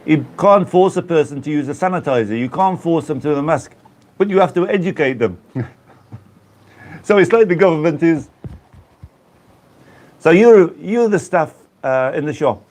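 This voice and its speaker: Man, live-stream host from the Black Country, casual and rambling, voice on the higher side. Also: expressive, moderate pace, pauses often, darkish tone. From Black Country, England. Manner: rambling, chatty, greets viewers by name.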